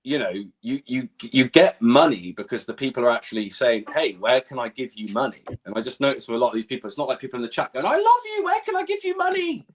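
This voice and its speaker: A man chatting on an online stream, animated and full of swearing, often mimicking other people as he talks. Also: medium pitch, fast, hardly any pauses, husky. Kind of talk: casual online stream chat.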